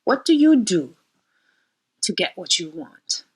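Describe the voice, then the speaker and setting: A woman's voice: medium pitch, big pitch swings, takes it slowly, slightly rough, low-quality recording. A woman astrologer retelling a myth and reflecting on it in a rambling, personal way, sometimes dropping to a near whisper. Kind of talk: storytelling talk on myth and astrology.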